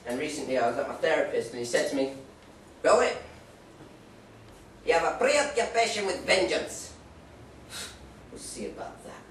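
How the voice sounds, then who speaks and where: There's slight background noise as a young man with a somewhat high voice works through a rambling pub stand-up set. He jokes around and slips into playful impressions, and the recording sounds echoey and distant.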